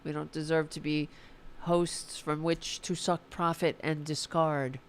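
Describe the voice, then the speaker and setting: A woman's voice: deep voice, flat delivery, measured pace, a little hiss or hum. A tired woman hosting a political livestream, chatting casually and swearing as she reads the chat and signs off. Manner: informal and profane, fired-up about politics.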